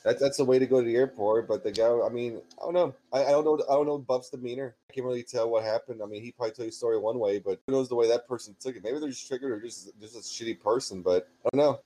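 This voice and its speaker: A man's voice: medium pitch, fast talker, few pauses, dark tone. A man co-hosting a podcast, chatting casually, teasing his partner bluntly and swearing freely. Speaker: podcast co-host. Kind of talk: casual chat.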